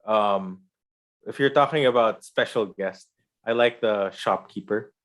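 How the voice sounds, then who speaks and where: A man's voice: lowish voice, measured pace, a bit bright. A man co-hosting a podcast, talking earnestly in casual chat about a show he likes. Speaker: podcast co-host. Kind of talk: casual chat reviewing shows.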